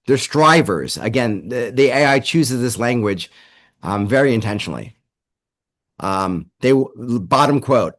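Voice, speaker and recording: A man's voice: medium pitch, animated, measured pace, fairly bright tone. A man presenting a webinar to leaders over a video call, talking conversationally and acting out quoted voices.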